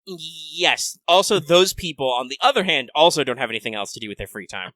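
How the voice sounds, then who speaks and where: A man with a fairly high, bright, lively voice talks quickly on a podcast. He jokes and rants with a lot of swearing, and his voice sounds close and dry. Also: no room sound. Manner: animated, profane, joking rants. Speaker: podcast co-host. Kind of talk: casual gaming podcast chat.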